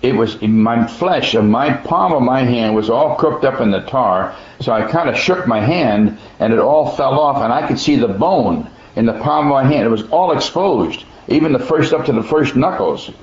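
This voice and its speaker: A man tells a personal testimony in a plainspoken, folksy way, earnest and emphatic, stumbling over and restarting his words. His voice sits at an ordinary middle pitch. The recording is dull and muffled, with a noticeable echo from the room. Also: expressive, normal speed, hardly any pauses.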